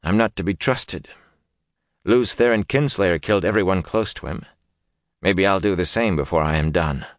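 A man's voice: low-pitched, moderate pace, no echo, studio quality, close to an everyday voice. A man voicing a wounded young male hero who talks in a drowsy, bitter way.

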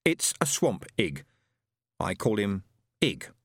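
A man's voice: lowish voice, very animated, slow, husky, no room sound, studio quality, full character voice. A man voicing a nervous, bewildered young man who speaks in a hesitant, stammering way. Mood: unsure. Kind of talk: audiobook character reading.

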